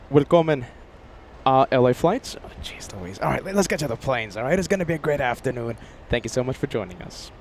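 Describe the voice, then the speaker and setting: A chatty, excitable man hosts a live plane-spotting stream outside near an airport runway. His voice sits a little high for a man, and he rambles as he reads viewers' messages aloud. Faint outdoor traffic hums behind him. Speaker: plane-spotting livestream host.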